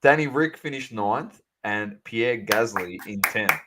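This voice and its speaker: A man co-hosting a sports podcast, chatting casually and animatedly, calling out to the audience as ladies and gentlemen. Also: on the low side, unhurried, very noisy. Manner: animated, banter-heavy, addresses listeners as ladies and gentlemen. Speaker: podcast co-host.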